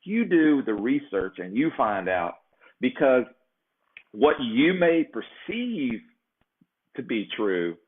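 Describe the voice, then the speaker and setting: Male host, mid pitch, easygoing anecdote teller, thin tinny recording. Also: sing-song, takes it slowly, long pauses. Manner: rambling, peppers sentences with "right?". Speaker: show host. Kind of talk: casual storytelling. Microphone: checks own sound setup. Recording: phone-like narrow sound.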